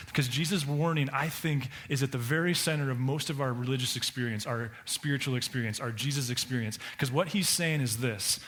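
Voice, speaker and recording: A man preaching a Sunday sermon at a middle pitch, talking it through conversationally. He often repeats words and restarts his sentences. Now and then he jumps higher to act out a quoted voice. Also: a bit bright. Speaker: pastor.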